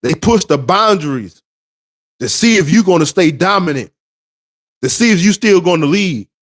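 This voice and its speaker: A man's voice: sits high, animated, moderate pace. A man giving relationship advice to other men in an emphatic, preachy monologue, repeating his points. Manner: emphatic, repetitive, street-preacher cadence.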